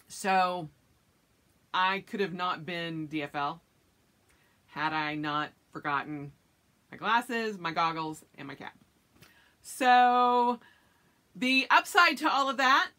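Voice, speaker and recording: A woman vlogger chatting casually to her camera with a bright, clear tone. She tells her story in long runs and acts out her own reactions with sudden high squeaks and yelps. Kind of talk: casual chat.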